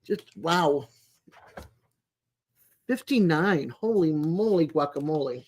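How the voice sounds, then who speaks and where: Over a home streaming mic with no camera, an adult live streamer greets viewers by name and rambles through homey small talk with lots of fillers. Their mid-range, darkish voice is animated but slow.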